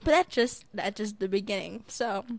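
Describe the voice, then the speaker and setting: Animated young woman telling a story. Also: medium pitch, moderate pace, gravelly, no echo. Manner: animated storyteller, acts out voices in quotes. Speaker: podcast co-host. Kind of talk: casual chat.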